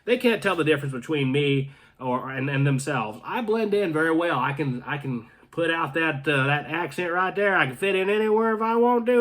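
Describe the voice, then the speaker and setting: Channel host, man, raised in North Carolina, higher register, casual rambling chat with jokes and restarts. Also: lively intonation, brisk, fairly bright tone. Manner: rambling, joking asides, frequent restarts. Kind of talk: casual chat reading viewer comments. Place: home in Canada.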